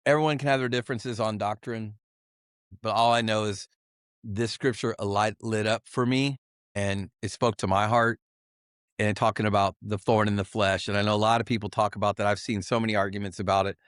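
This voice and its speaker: A middle-aged man giving a candid personal testimony as a podcast guest, earnest and confessional, halting with many fillers and restarts. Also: fairly low pitch, fairly even intonation, smooth, dry recording, clean studio sound. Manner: halting, full of "you know" fillers and restarts.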